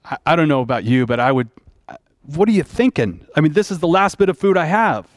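A man's voice: on the high side, expressive, a little fast, dry recording. Conversational male pastor, dry sound. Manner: conversational storytelling, plain-spoken. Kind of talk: sermon.

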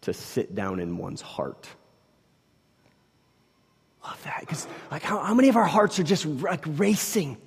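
A man in his thirties preaching a sermon in a casual, conversational way, swinging between hushed and loud. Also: on the high side, huge pitch swings, normal speed, gravelly, hardly any pauses, slightly rough, in a large hall. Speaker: pastor.

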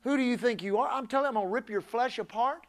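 A man's voice: extremely high pitch, quick pace. A man voicing a boastful, menacing giant warrior who taunts his young opponent with threats. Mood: taunting.

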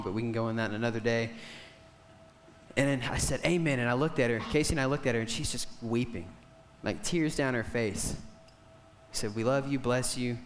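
A young man preaching a sermon, telling a story with passion and swinging from loud declarations to hushed moments. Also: mid-range voice, a little hiss or hum.

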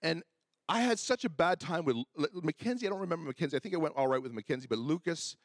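Animated storytelling male pastor. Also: on the high side, fast, no echo, studio quality. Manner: animated storyteller who acts out dialogue. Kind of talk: sermon with personal stories.

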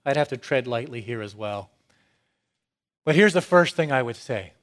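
Delivering a sermon, this preacher, an adult with young kids, starts with calm, low remarks and builds to fervent, emphatic proclamations.

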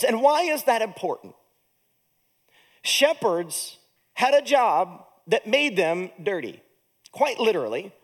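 A man pastor giving a sermon in a conversational way, with humorous, self-deprecating asides and a tired edge. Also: sits high.

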